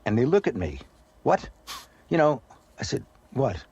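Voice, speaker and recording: An older American man with a Brooklyn accent softened toward British, chatting in a rambling, anecdotal way as a guest on a radio interview. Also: medium pitch, very animated, quick pace, breathy edge, lo-fi sound. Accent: Brooklyn New York, softened toward British. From USA. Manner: rambling, anecdotal, many fillers. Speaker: actor guest. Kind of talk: relaxed radio interview chat.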